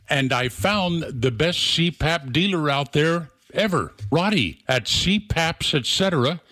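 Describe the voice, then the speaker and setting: A man giving a personal radio ad read, chatty and conversational. His pitch moves a lot, and the recording is dry and close. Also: fairly bright tone, dry recording.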